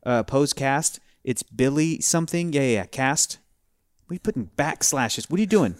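A man's voice: medium pitch, animated, normal speed, dry recording, studio quality. A man co-hosting a casual podcast chat, talking animatedly and acting out quoted reactions. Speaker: podcast co-host.

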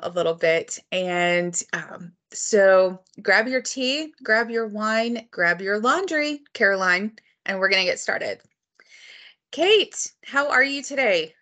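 Woman, podcast host, casual chat, unhurried, lots of ums. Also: mid-range voice, bright, forceful tone. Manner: chatty, hesitant with many ums.

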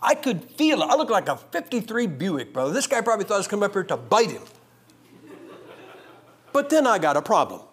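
With a breathy edge and frequent pauses, a high-voiced preacher moves fairly quickly through his own testimony during a revival sermon. His lively storytelling rises loud and drops to a hush.

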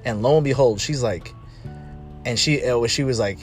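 A man's voice: medium pitch, moderate pace, soft background music. A man speaking casually about relationships, telling stories and acting out what other people said. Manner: animated storytelling, mimicking others.

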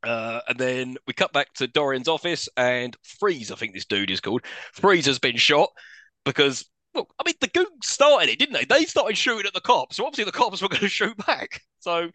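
Animated man recapping a film. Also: fairly high pitch, no room sound. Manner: animated recapping, quick to laugh, acts out scenes. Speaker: podcast co-host. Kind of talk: casual film-review chat.

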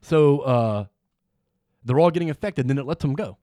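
A man's voice: medium pitch, normal speed, mellow, dry recording, clean studio sound. A man co-hosting a casual comic book chat, laid-back, laughing often and swearing casually. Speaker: comic book podcast co-host.

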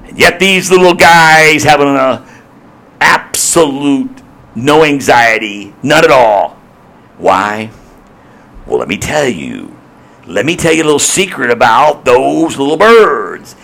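A man preaching a sermon in a lively, swinging voice that climbs loud and drops to a hush. His tone is gravelly and sharp, and he pitches a little high for a man as he presses his points with repetition. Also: slow. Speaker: pastor.

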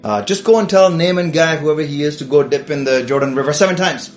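A man's voice: on the high side, fast talker, faint music behind, voice pushed down, lightly acted. A man voicing an unbothered male prophet who brushes off a visitor in casual slang. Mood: dismissive.

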